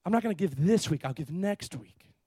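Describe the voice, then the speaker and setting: A man putting on a soft, pleading voice of a believer bargaining to keep small sins. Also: high-pitched, lively intonation, a little fast, husky, no room sound, clean studio sound, heavily acted.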